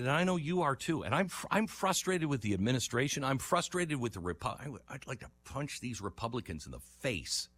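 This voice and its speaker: Impassioned, animated male talk host. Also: medium pitch, brisk, hardly any pauses, no room sound. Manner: impassioned, yelling at listeners; reads scripture in a preaching cadence. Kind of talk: political talk commentary.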